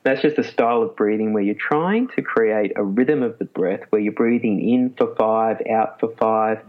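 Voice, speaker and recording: A man, a psychologist being interviewed, explaining in a lively way and laughing often. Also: lowish voice, normal speed. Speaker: clinical psychologist guest. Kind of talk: casual interview talk. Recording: muffled lo-fi sound.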